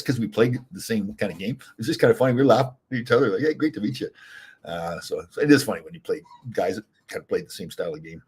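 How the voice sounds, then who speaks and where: An older man with a husky, slightly low voice talks quickly and loosely as a show host. He rambles from story to story, stumbling over fillers and restarts, and hiccups now and then. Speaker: podcast host, former hockey player. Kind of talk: casual solo talk.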